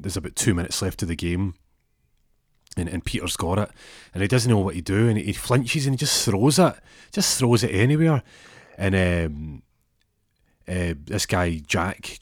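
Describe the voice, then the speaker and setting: A man's voice: fairly low pitch, no room sound, studio quality. A man telling a comic story in a casual, rambling way with lots of restarts.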